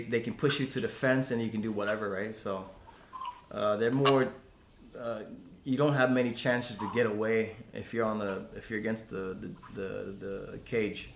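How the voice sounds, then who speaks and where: A man's voice: fairly low pitch, fairly even intonation, normal speed, a bit bright, roomy sound, slight background noise. A man who is a guest, a cage fighter, giving plain, hesitant answers with many fillers in a casual podcast chat.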